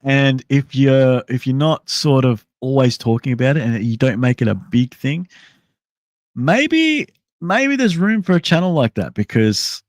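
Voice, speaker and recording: A man's voice: medium pitch, expressive, moderate pace, hardly any pauses, a little mellow, dry recording. A man hosting a casual livestream, thinking aloud in a rambling way with many restarts and answering chat messages. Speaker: livestream host.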